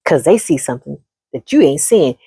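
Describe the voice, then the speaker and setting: A woman's voice: low voice, very animated, a little fast, dark tone, slightly rough, no room sound. A woman telling a story and giving relationship advice in a casual monologue, laughing often and calling listeners honey.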